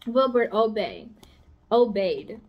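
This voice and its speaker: A woman's voice: medium pitch, big pitch swings, takes it slowly, lo-fi sound. A woman from the United States, a school psychologist, reading a children's novel aloud expressively, with small slips and restarts. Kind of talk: children's book read-aloud.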